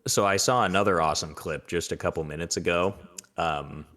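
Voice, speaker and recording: A man's voice: low voice, brisk, fairly bright tone. A young man co-hosting a podcast, chatting casually and rambling with lots of fillers. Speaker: podcast co-host. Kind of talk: casual chat.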